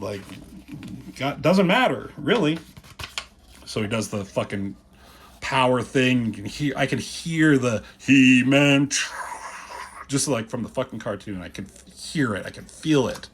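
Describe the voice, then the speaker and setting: A man's voice: medium pitch, animated, measured pace, pauses often, a little hiss or hum. A man casually walking through comic pages, rambling and swearing, acting out the characters' lines as he goes. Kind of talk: casual commentary.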